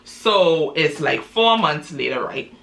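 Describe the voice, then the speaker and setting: A chatty woman telling a story in a loose, casual way, full of fillers and asides. Her voice is bright and sharp. A faint hiss runs behind her. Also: low voice, expressive, slow pace, gravelly.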